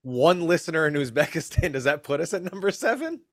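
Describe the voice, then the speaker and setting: A man's voice: fairly high pitch, very animated, brisk, no echo, studio quality. A man co-hosting a podcast in casual chat, asking curious questions and making joking asides.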